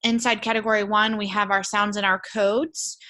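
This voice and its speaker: Bright-voiced woman giving a casual lecture. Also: medium pitch, little pitch movement, normal speed. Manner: casual, chatty asides with frequent fillers. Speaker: college instructor. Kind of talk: recorded lecture with shared screen.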